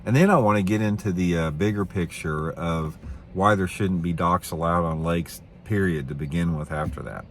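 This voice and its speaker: A middle-aged man, a professional bass angler, telling a story to camera in a rambling, blunt, opinionated way, repeating his words. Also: moderate pace, a little hiss or hum.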